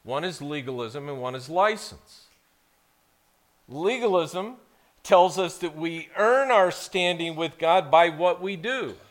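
A male pastor with a fairly high voice who preaches unhurriedly in a church. He reads scripture with measured care and then stresses key words with emphatic force. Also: fairly bright tone. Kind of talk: sermon. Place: church sanctuary.

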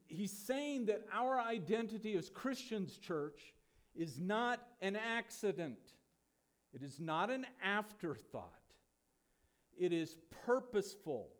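A pastor preaching a sermon to his church, emphatic and full of rhetorical questions. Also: sits high.

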